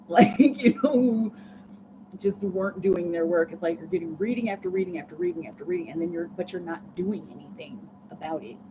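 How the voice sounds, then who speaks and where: A woman's voice: lowish voice, a little fast. A woman hosting a casual livestream, chatting with viewers, laughing often and rambling with restarts. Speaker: tarot reader livestream host. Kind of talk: casual livestream chat reading comments. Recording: muffled lo-fi audio with clear background noise.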